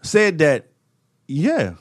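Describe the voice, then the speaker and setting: A young man co-hosting a casual podcast chat, loud and teasing. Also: on the high side, huge pitch swings, extremely slow. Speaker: podcast co-host.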